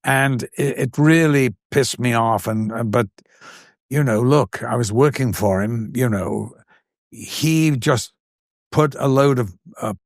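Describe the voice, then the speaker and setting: A man's voice: medium pitch, slow pace, no echo, clean studio sound. Older English man telling vivid anecdotes. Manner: animated, acts out quoted voices in anecdotes. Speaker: actor and guest. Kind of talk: anecdotal storytelling.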